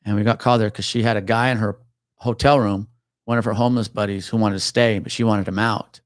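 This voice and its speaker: A man in his forties, a retired police officer, telling a profane, animated story as a podcast guest. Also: fairly low pitch, fast, no room sound, clean studio sound. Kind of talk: casual storytelling chat.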